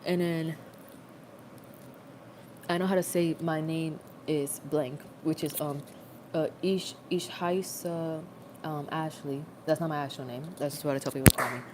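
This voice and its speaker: A woman's voice: sits low, steady tone, a little slow, a little mellow, a little hiss or hum. A young adult woman rambling in a casual, self-mocking livestream chat, recorded on a phone.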